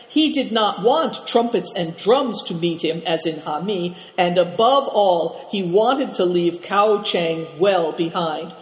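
A man narrating an audiobook in a measured, even storytelling manner. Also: high-pitched. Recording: echoey room with long reverb.

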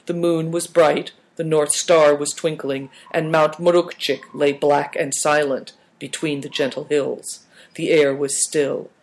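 Man narrating a storybook, higher voice. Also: flat delivery, a little slow. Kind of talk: audiobook narration.

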